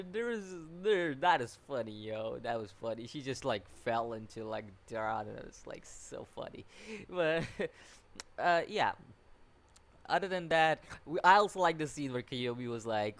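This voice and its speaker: Excitable man ranting about an anime. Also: medium pitch, normal speed. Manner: animated and incredulous, full of fillers and repeated "like, what?"; laughs often while talking. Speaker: anime reviewer. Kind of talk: casual spoken review.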